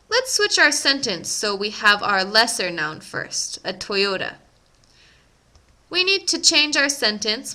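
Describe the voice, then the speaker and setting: A young woman teaching an English grammar lesson, speaking slowly and enunciating each word with care. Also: fairly high pitch, sharp tone. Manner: slow, carefully enunciated teaching voice. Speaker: ESL teacher.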